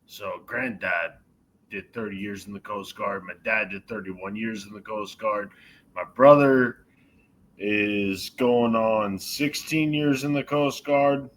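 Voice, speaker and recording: A man's voice: fairly low pitch, slow, low-quality recording. A man chatting on a movie podcast, rambling a story with lots of swearing and fillers. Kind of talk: casual movie chat.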